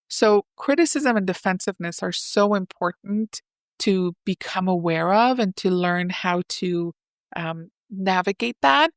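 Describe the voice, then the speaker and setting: Gravelly-voiced woman therapist explaining. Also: medium pitch, no echo, clean studio sound. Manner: animated, acts out example dialogues. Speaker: psychotherapist and relationship coach, guest. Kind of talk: explanatory interview talk.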